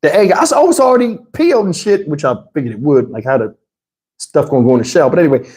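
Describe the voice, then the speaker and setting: A middle-aged man tells a profane, animated story to his livestream chat. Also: quick pace. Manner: animated, profane, swings into high voices to mimic others. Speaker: livestream host.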